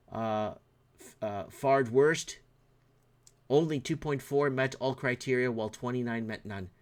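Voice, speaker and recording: Canadian man ranting over the news. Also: medium pitch. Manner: reads news aloud, then rants. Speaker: show host. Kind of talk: solo livestream commentary on news. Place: indoor room.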